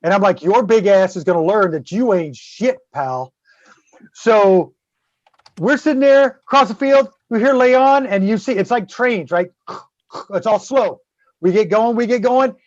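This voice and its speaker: A middle-aged guest host with a high-pitched voice tells a rowdy podcast story at a measured pace, swearing freely. He's animated, acting out quotes and crash sounds. The audio is dull, dry and lo-fi, with no room sound.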